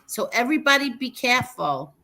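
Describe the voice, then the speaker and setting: A woman's voice: a little high, sing-song, brisk, bright, forceful tone. A woman co-hosting a casual live-stream chat. She speaks emphatically and gives firm warnings.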